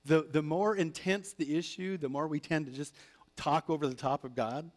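Pastor, male, slightly higher voice, lively sermon delivery. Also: normal speed. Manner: animated, acts out prayers and God's replies.

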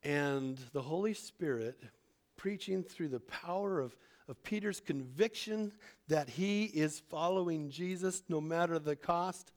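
This man has a fairly high voice and an unhurried delivery. He teaches a Bible lesson in an informal sermon style, speaking conversationally and acting out the voices of the people he quotes.

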